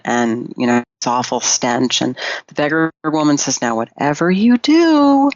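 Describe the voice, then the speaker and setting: A woman's voice: very deep voice, no echo, dull audio. A woman guest on a podcast, a Jungian analyst, retelling a fairy tale in a thoughtful way with frequent fillers.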